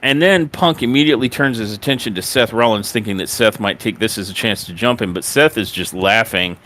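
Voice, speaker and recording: Low-voiced male podcast host recapping. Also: brisk. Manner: animated storyteller, acts out quotes. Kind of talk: recapping a wrestling show.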